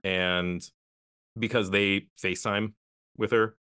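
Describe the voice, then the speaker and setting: Man, low pitch, dry sound, relaxed casual storytelling. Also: slow pace, clean tone, no room sound. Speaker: podcast co-host. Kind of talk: casual chat.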